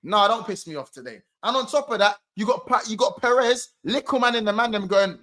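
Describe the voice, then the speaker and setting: A man's voice: high voice, animated, brisk, hardly any pauses, fairly bright tone. A young man, ranting and joking in slangy casual banter as a football podcast host.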